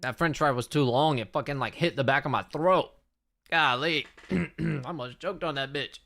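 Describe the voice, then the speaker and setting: Guy streaming a fight watch party, bit high voice, hyped and cussing a lot. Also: normal speed, vocal fry. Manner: excitable, swears freely. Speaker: livestream host.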